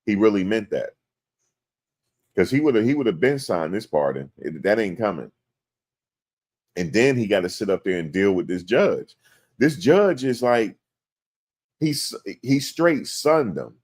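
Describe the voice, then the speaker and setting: Man, casual commentary host, slangy and animated, lowish voice. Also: unhurried, long pauses, husky. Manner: animated, slangy, acts out quotes in exaggerated voices. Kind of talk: casual live-stream commentary.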